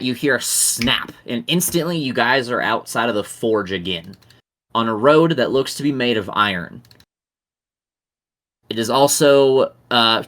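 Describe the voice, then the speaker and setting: A male game master narrating a tabletop game in a relaxed, offhand way, with casual swearing. His voice sits at an ordinary middle pitch. He often stumbles and restarts while reading. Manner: casual and profane, reads aloud with restarts.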